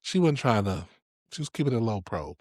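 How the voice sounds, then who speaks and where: On the low side and fairly quick, this man's voice comes through in a studio-quality recording without room sound. He's a laughing, animated storyteller co-hosting a casual podcast chat.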